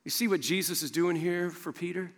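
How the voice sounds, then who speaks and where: A man preaching a sermon, animated, often acting out what the people in the story say. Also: high voice, fairly quick. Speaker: pastor. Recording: reverberant hall.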